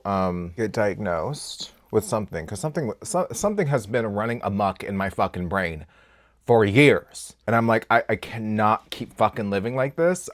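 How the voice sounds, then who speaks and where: Casual beauty vlogger, male, lowish register, unfiltered and expressive, loud bursts then muttered asides. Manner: candid and expressive, swears freely, swings between loud outbursts and quiet asides. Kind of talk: casual get-ready-with-me chat.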